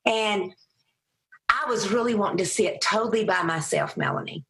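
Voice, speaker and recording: Bright-voiced Southern woman telling a story. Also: normal speed. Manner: animated storyteller, raises her voice high for quoted people. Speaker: Christian motivational speaker, guest. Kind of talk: storytelling interview answer.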